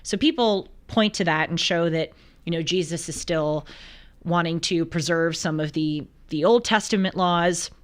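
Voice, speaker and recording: A woman hosting a talk show, mixing scripture commentary with lively, laughing, chatty asides. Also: lowish voice, a little slow, clear, resonant tone. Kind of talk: casual commentary with scripture reading.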